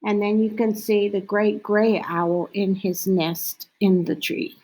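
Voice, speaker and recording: A woman reading a picture book about owls aloud as a lesson, slow and clear, now and then mimicking owl calls. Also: mid-range voice, fairly even intonation, darkish tone, poor audio. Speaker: teacher reading to children.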